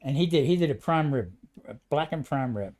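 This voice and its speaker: Here a man talks a little fast, his voice slightly higher than the typical male range. Sounding like a retired chef swapping stories with pals, he rambles in casual chat, cutting in eagerly and starting his sentences over.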